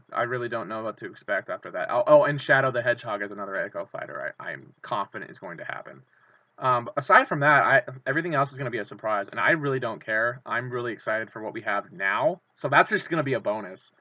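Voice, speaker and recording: A man hosts his own channel and talks through excited fan commentary, rambling and restarting with plenty of fillers. His voice is bright and forceful and sits at an ordinary pitch. The audio is dry and close, with a dull, lo-fi sound. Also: no echo. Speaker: channel host.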